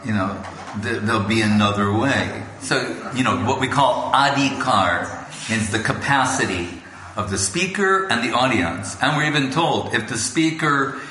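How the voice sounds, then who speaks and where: Man, spiritual lecturer, casual storytelling, bright tone, echoey hall, faint background noise. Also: mid-range voice. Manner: storytelling, acts out quoted voices. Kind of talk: informal devotional talk. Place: gathering hall.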